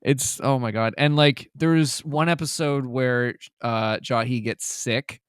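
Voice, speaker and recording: A woman podcast host in casual chat, gushing like an excited fan. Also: very deep voice, measured pace, smooth, no room sound, studio quality.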